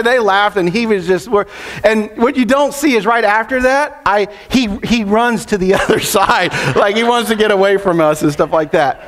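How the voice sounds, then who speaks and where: A man's voice: very high-pitched, fairly bright tone, slight background noise. A middle-aged man preaching a sermon as pastor, telling family stories in a conversational way and laughing often.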